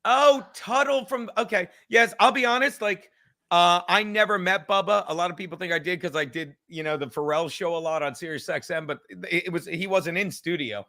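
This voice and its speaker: A man's voice: sits high, normal speed. A man hosting a livestreamed podcast, rambling and swearing as he tells stories and reads out viewer messages. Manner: profane, rambling, animated storytelling. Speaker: podcast host. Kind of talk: casual livestream chat.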